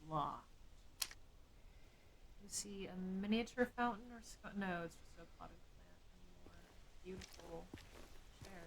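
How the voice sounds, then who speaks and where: A woman's voice: on the low side, big pitch swings, a little slow, pauses often, noisy background. A woman streamer thinking aloud during live game commentary, with musing, jokey asides.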